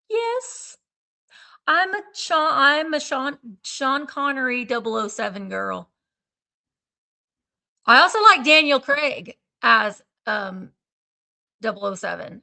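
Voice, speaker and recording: A woman hosts a relaxed live-stream chat, rambling and trailing off as she searches for names. Her voice sits a little high and sounds bright, with a gravelly fry underneath. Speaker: live-sale stream host. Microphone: streaming setup.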